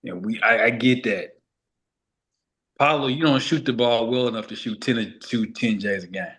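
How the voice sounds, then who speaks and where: A man's voice: medium pitch, normal speed, a bit bright. Laid-back man talking basketball. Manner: loose, conversational, repeats points for emphasis. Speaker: podcast co-host. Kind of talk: casual basketball talk.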